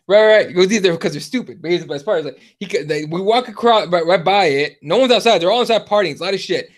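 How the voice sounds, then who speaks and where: A man's voice: sits high, fast talker. A man in his thirties hosting a podcast, telling a rambling story full of fillers and swearing. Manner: profane, rambling, lots of fillers. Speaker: podcast host. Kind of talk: casual chat, storytelling.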